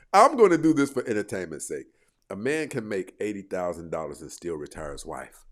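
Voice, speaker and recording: A man hosting a casual livestream, reacting to his chat in a lively voice that jumps up and down in pitch. He talks back to commenters and keeps the commentary loose and conversational. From United States.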